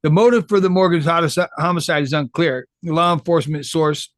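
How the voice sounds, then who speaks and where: A man's voice: fairly high pitch, moderate pace, no echo, studio quality. A man who was recently paroled, giving casual, rambling commentary full of swearing and street slang. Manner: rambling, profane street talk. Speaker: formerly incarcerated commentator.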